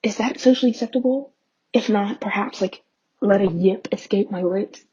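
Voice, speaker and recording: A woman doing a dramatic comic monologue in breathy half-whispers. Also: medium pitch, moderate pace, warm tone. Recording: dull lo-fi sound.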